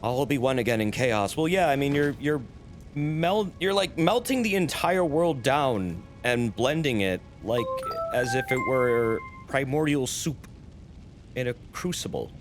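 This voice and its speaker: A man's voice: medium pitch, animated, a little slow. A man streaming a game, casually chatting, reacting and explaining it to viewers. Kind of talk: casual gameplay commentary. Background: game music.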